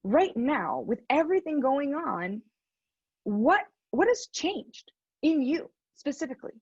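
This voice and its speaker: A woman giving a motivational talk, telling an animated story and laughing often as she speaks. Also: sits high, a little slow, no room sound, muffled recording.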